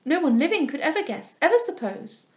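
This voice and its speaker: A woman's voice: on the high side, a little fast, highs cut off, lightly acted. A woman reading aloud, voicing an anxious, flustered young woman who protests eagerly. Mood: agitated.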